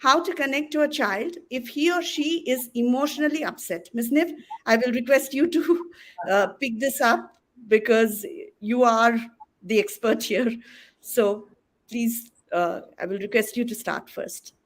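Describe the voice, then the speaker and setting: A woman's voice: on the high side, a little slow. A woman moderating a school webinar panel, polite and a little hesitant, with frequent fillers. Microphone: video call.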